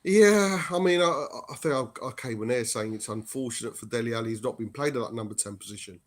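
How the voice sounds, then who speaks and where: A man's voice: medium pitch, quick pace. A man chats casually as a fan guest over a video call. He stumbles and restarts his sentences and calls people mate. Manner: hesitant, restarts often, says mate. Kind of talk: casual chat.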